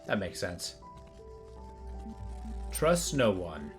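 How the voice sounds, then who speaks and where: Lively male game streamer. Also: sits low, drawn-out words, faint music behind. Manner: reads on-screen text aloud and remarks on it offhandedly. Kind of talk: casual game commentary.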